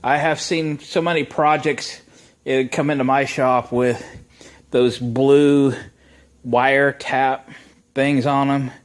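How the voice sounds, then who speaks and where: A man, talking casually and with strong opinions as he walks through a wiring job in his workshop. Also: mid-range voice. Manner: relaxed, chatty, opinionated, with many uh fillers. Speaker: shop owner and video host. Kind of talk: casual how-to vlog.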